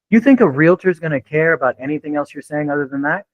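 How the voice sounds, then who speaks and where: A man's voice: on the high side, fast, hardly any pauses, dry recording, low-quality recording. A man giving an unscripted real estate training talk in a blunt, laid-back way with frequent swearing.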